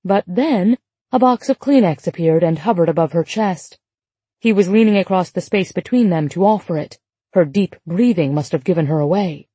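A woman reading a novel aloud in a measured, even storytelling voice. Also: fairly low pitch, slightly rough, dry recording. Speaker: audiobook narrator. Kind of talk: scripted narration.

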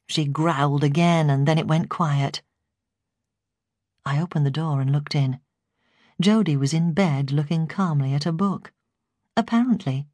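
A woman narrating a memoir in a calm, measured storytelling voice. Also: low voice, no room sound, studio quality. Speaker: audiobook narrator.

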